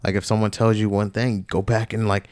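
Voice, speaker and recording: Man, lowish voice, dry close sound, earnest casual podcast chat, lots of filler words. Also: level tone, brisk, darkish tone, no echo. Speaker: podcast co-host. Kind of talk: casual faith discussion.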